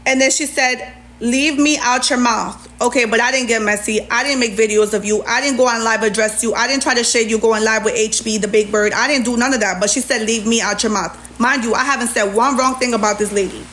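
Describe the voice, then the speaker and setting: A woman livestreamer venting to her chat in a sassy, animated way. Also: a little high, fast, hardly any pauses. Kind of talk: venting on a live stream.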